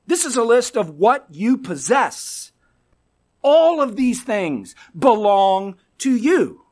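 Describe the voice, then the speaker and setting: A male preacher with a high voice that swings widely as he delivers a sermon. He lingers over his words, unhurried and deliberate, and often sinks to a near hush on the key phrase. He keeps putting rhetorical questions to his congregation. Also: big pitch swings. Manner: emphatic, dramatic drops to quiet for emphasis.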